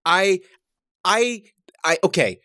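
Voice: medium pitch, sing-song, slow, sharp tone, pitched above the performer's own voice, full character voice. A player voicing a flustered young man who stammers and pleads with his father.

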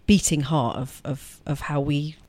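A woman's voice: deep voice, steady tone, unhurried, no echo. A middle-aged woman, chatting as a podcast guest and often restarting her sentences. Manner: chatty, warm, frequent restarts and self-corrections. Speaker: guest actress. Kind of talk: casual podcast interview.

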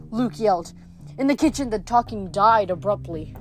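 A woman reading a novel aloud, briskly and expressively. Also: mid-range voice, animated, a little mellow, soft background music. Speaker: reader.

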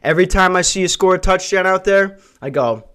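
A man's voice: high-pitched, brisk, a bit bright, clear, resonant tone. Male solo podcast host; crude, profane, self-mocking ranter. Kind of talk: solo comedic podcast rant. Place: hot brick house.

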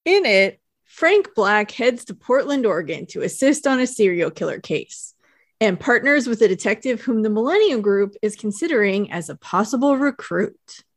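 A woman co-hosting a podcast, reading episode details and joining relaxed, playful chat. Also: a little high, moderate pace, no room sound, studio quality. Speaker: podcast co-host. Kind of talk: casual chat and read episode intro.

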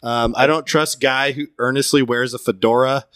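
A man's voice: mid-range voice, fairly even intonation, normal speed, a bit bright, dry recording, studio quality. A man co-hosting a casual podcast who gives strong opinions in a wry, teasing way. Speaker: podcast co-host. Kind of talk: casual chat.

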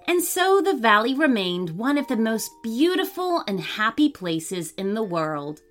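A woman reading a children's story aloud as scripted narration, in an expressive storytelling manner. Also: on the high side, unhurried. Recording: faint music under the voice.

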